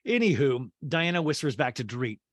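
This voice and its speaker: Animated, rambling male podcast host. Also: mid-range voice, brisk, dry recording, clean studio sound. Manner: animated, rambling, swearing and laughing. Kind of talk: casual reality TV recap.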